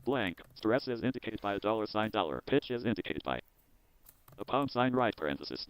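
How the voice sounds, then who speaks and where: A man with a low, smooth, resonant voice reads a software manual aloud, one word at a time and in a measured way. He stops now and then to restart a word. The sound is close and dry. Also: no echo, poor audio. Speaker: host. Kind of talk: reading a technical manual aloud.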